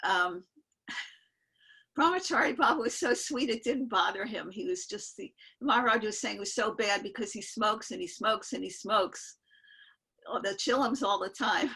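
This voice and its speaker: An older woman with a bright, forceful tone and a husky edge, telling a long story on a video call. She wanders, restarts her sentences and chuckles between the lines. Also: fairly high pitch, expressive, normal speed, poor audio. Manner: rambling, self-interrupting, laughs while telling. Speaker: guest storyteller. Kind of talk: casual spoken storytelling.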